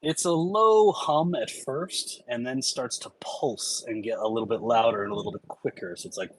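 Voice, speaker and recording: A man narrating a tabletop game as its game master, in a relaxed, casual way. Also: mid-range voice, normal speed, breathy edge, rough recording.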